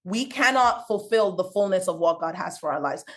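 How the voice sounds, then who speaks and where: A young woman with a non-native English accent, talking passionately on a faith-based podcast in a quick, preachy storytelling way. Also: lowish voice, lively intonation. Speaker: podcast host, Christian business speaker.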